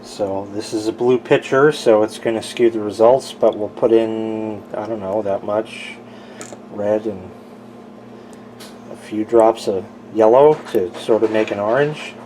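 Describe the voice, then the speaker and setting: A man's voice: on the low side, steady tone, a little slow, dark tone, slight background noise. A man chatting casually in a rambling, self-mocking way while filming a home vlog in his kitchen. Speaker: video creator.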